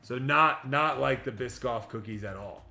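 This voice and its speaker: A man hosts a trading card break live, reading off each pull in a quick running patter and tossing in jokes. His voice is bright and pushed forward. The room echoes, with music playing underneath. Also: medium pitch, creaky. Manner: rapid running patter of player names, joking asides. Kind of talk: livestream card-opening patter.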